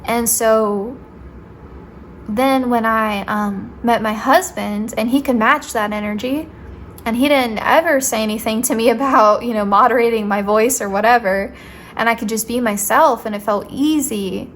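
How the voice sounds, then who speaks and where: Young woman, sweet voice, a bit high, playful tarot reader, casual, faint background hum. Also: normal speed, fairly bright tone. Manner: chatty, playful, says "like" often. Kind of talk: casual pick-a-card tarot reading.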